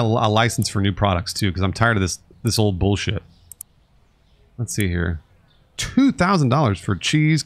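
A man streaming a store game and talking to his chat, sarcastic and grumbling with plenty of swearing. His pitch swings widely from low mutters to high outbursts, in casual live commentary. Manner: talks to chat and customers. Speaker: streamer playing a store sim.

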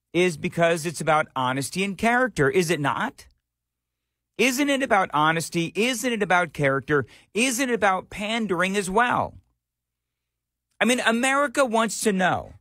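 A man's voice: sits high, a bit bright, no room sound, clean studio sound. A man hosting a talk radio show, delivering an opinionated monologue full of sarcastic rhetorical questions. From Nashville area.

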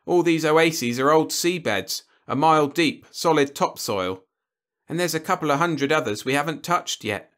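A man doing an excitable raised-voice frontier farmer. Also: a little high, moderate pace, voice pushed up, natural voice. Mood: excited. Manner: raised, eager and emphatic. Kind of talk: audiobook character voice.

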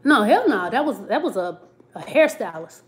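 A woman's voice: on the high side, very animated, moderate pace, a little hiss or hum. Chatty woman on a live stream. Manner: chatty, laughs often, Southern slang like "child" and "y'all". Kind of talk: casual live chat reading comments.

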